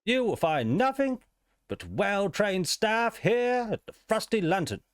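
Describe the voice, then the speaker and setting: A man's voice: high voice, very animated, unhurried, no room sound, clean studio sound, voice pushed up. A man voicing a stiff, formal male warforged robot card dealer in a tabletop game.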